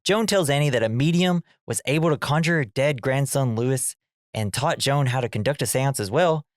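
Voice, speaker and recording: A man's voice: medium pitch, moderate pace, dry recording, clean studio sound. A man co-hosting a movie podcast, recapping scenes in casual chat and acting out the characters' lines. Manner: animated, acts out character lines. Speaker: podcast co-host.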